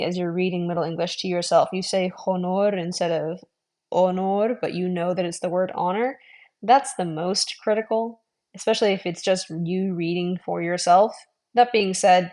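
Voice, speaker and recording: A woman giving an online language lesson, modelling sounds slowly, repeating them and adding friendly, encouraging asides. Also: lowish voice, a little mellow. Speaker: language teacher.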